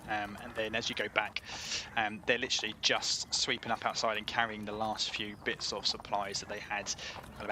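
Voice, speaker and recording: A man narrating a tabletop game as game master, hesitant with many pauses and fillers. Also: lowish voice, background noise.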